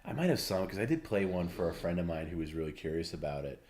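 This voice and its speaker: A man with a very low, deep voice hosts a livestream and tells stories in a loose, casual way. He rambles, stops and starts, and repeats his words as he goes. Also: big pitch swings, quick pace, darkish tone, slight background noise. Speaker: livestream host. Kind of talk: casual storytelling.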